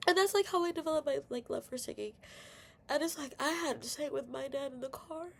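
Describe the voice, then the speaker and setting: A woman's voice: high-pitched, fairly quick, creaky, a little hiss or hum. Candid, swearing young woman venting. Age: young adult. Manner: candid, swearing, many fillers, tearful at times. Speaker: vlogger. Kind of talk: emotional personal rant.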